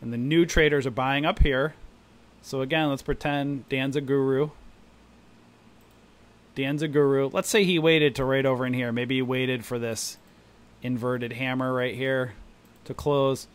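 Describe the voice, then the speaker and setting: A man gives live stream market commentary as a trading room host, explaining charts and animatedly acting out panicking new traders. His medium-pitched voice is clear and resonant, paced in a measured way with frequent pauses.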